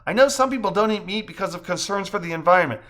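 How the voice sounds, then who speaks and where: A man's voice: high-pitched, lively intonation, fast talker, a bit bright, voice pushed up. A man voicing a chatty young woman on holiday, speaking in a mildly wry tone in a storybook reading. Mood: relaxed. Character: young adult woman on a low-key beach vacation.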